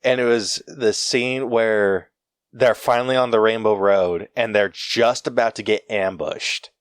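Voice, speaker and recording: A young man co-hosting a podcast, telling a laughing, animated anecdote in casual chat, full of fillers and restarts. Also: fairly low pitch, a little slow, smooth, no echo, studio quality. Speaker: podcast co-host.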